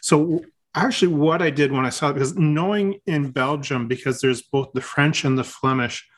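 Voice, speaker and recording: Man, podcast co-host, casual chat, relaxed, halting, restarts often. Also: fairly high pitch.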